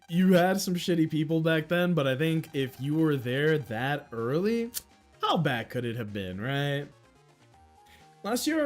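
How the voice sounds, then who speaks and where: A man in his thirties hosting a casual livestream, rambling and mocking himself with frequent laughs. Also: on the high side. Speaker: livestream host.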